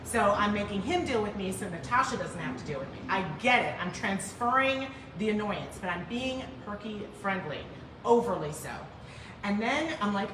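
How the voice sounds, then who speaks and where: Woman, livestream host, casual chatty storytelling, self-deprecating, echoey room, loud train noise. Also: medium pitch, animated, normal speed, far from the mic. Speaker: furniture painting livestream host. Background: loud passing train.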